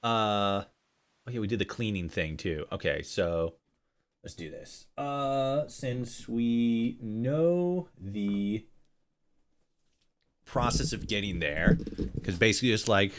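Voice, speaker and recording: A man's voice: on the low side, slow pace. A man streaming a game playthrough, reading the story text aloud and breaking off for crude joking asides. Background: faint game music.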